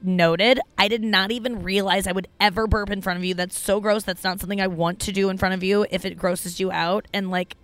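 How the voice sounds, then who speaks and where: A woman's voice: mid-range voice, flat delivery, fast, hardly any pauses, fairly bright tone. Rambling, foul-mouthed woman podcast host. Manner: rambling storytelling with frequent profanity and fillers. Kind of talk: casual comedic podcast chat.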